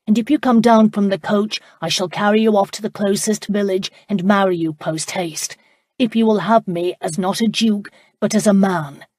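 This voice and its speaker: A woman's voice: medium pitch, fairly even intonation, normal speed, darkish tone, no room sound, natural voice. Woman voicing an ardent young duke proposing. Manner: earnest, declarative.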